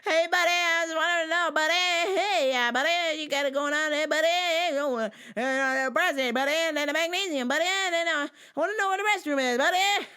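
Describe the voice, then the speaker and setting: Lady doing a squeaky pushy guy customer, fast and whiny, buddy buddy buddy. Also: pushed and bright. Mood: pestering. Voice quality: whiny high-pitched repetitive. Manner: fast pestering, says buddy constantly. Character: nagging complaining male customer.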